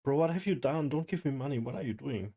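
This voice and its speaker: A young man streaming live, overwhelmed and excited, talking in loose slang and swearing. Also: medium pitch, fast, slightly rough. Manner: excited, stunned, swearing, calls everyone bro. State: overwhelmed, shaking. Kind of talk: live stream reaction chat.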